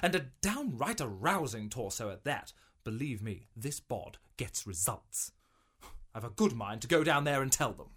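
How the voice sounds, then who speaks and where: A man's voice: medium pitch, sing-song, moderate pace, fairly bright tone, slightly rough. An actor playing a vain, pompous male writer in a radio sitcom, speaking theatrically. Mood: haughty.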